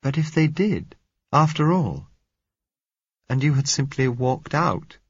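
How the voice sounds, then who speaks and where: A man reading a quiet, earnest girl under twenty, who speaks softly and a little unsteadily, pleading. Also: mid-range voice, expressive, slow pace, slightly rough, no room sound, lo-fi sound, pitched above the performer's own voice, full character voice.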